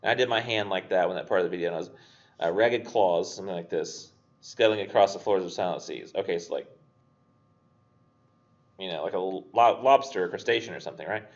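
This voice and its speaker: A man's voice: low-pitched, fairly quick, long pauses, dull audio. A young man teaching a literature class in a casual, chatty way, full of fillers and acted-out quotes. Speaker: English instructor. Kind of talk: casual recorded literature lecture.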